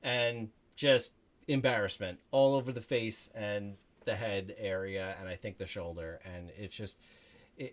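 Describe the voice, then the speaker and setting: This is a man in middle age, chatting on a livestream from his home. His pitch sits in a plain middle range. He rambles through an awkward story about himself and acts out each line of dialogue. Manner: rambling, self-deprecating storytelling with acted-out quotes; drops to a soft murmur when talking to a child. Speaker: livestream gaming host. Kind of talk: casual chat to stream viewers. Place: home room.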